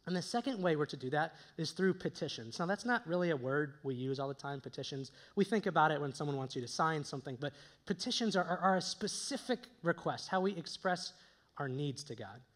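A man's voice: a little high, expressive, a little fast. A young man preaching a conversational sermon, with joking asides to his listeners. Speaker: pastor.

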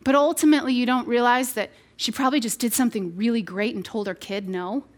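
A woman's voice: fairly high pitch, fast. A woman in her thirties giving an earnest, conversational devotional talk to mothers, with frequent restarts and playful asides. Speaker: speaker addressing mothers. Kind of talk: sermon-style devotional talk.

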